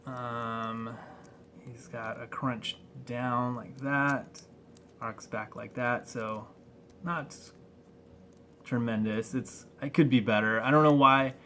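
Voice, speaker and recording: A man's voice: medium pitch, steady tone, fairly bright tone, a little hiss or hum. A man reviewing a toy figure in a casual, rambling way, full of fillers and restarts. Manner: rambling, halting, many fillers. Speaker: toy collector vlogger.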